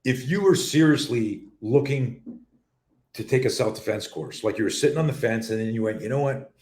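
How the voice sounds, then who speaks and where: Animated middle-aged man telling stories. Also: medium pitch, moderate pace, echoey room. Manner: animated, swearing, rambling storyteller. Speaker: host of a live talk show, self-defense coach. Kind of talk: casual live-stream storytelling. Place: home office.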